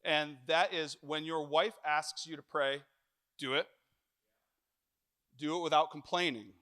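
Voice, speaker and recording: A middle-aged man preaching a sermon in church, telling stories with jokes and lively animation. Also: a little high, unhurried. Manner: animated, joking storyteller.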